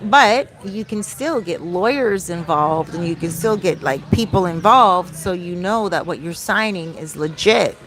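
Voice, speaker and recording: A woman's voice: fairly low pitch, lively intonation, unhurried, few pauses, fairly bright tone, a little hiss or hum. A middle-aged woman, a life coach, chatting casually to camera in a Q&A vlog and wandering off topic as she talks straight to her viewers. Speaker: soul coach hosting a Q&A vlog.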